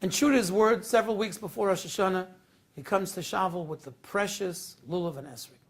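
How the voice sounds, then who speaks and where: High, gravelly man telling a sermon story. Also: brisk. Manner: dramatic storyteller, swings from hushed to loud. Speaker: rabbi.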